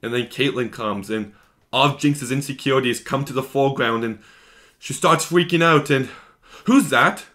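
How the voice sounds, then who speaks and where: A man's voice: medium pitch, normal speed, fairly bright tone. A man giving an enthusiastic, gushing episode recap as a video reviewer, talking in long run-on strings.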